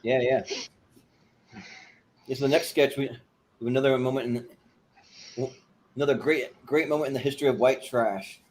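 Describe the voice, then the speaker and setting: A man's voice: mid-range voice, fairly even intonation, moderate pace, pauses often, darkish tone, a little hiss or hum. A man co-hosting a podcast, casually recapping comedy sketches in a rambling way with many restarts. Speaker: podcast co-host.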